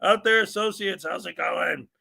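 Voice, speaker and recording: Gravelly guy on a livestream calling out viewer names, bright and a bit high. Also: moderate pace. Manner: reads viewer names, lively greetings. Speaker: livestream host. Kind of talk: casual livestream chat.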